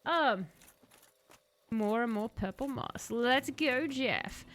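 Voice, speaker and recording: A woman's voice: a little high, animated, takes it slowly, a bit bright. A woman streaming a video game, chatting casually with her viewers and laughing often. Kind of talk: casual gaming live-stream commentary.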